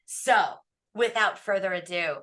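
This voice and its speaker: A woman's voice: medium pitch, measured pace, fairly bright tone. A woman hosting an online club meeting over a video call, chatty and affectionate, with plenty of fillers. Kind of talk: warm emcee introduction.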